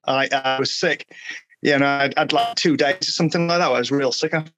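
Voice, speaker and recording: A man's voice: mid-range voice, steady tone, brisk, a bit bright, slight background noise. A man, chatting casually and rambling through stories with frequent laughs. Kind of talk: casual chat.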